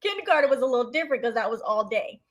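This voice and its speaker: A woman's voice: a little high, very fast. A woman from Delaware, co-hosting a casual chat and telling stories with plenty of laughter. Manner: laughs a lot, animated storytelling. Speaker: co-host.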